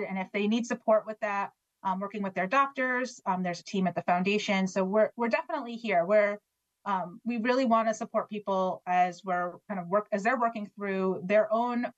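A woman's voice: medium pitch, no echo. Woman radio guest speaking for a foundation, friendly, hesitant with fillers, a bit muffled and dry. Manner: friendly, many fillers and restarts. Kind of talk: casual radio interview.

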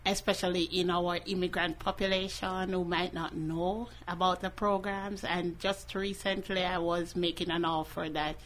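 A woman speaking as a guest in a radio studio interview, earnest and measured. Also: fairly low pitch, little pitch movement, a bit bright, a little hiss or hum.

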